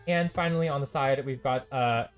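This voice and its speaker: Man, esports caster, solo live commentary, casual and rambling, lots of ums, dry sarcasm, mid pitch. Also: normal speed, soft background music. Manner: loose and chatty, lots of ums and uhs, dry sarcastic asides. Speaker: esports caster and stream host.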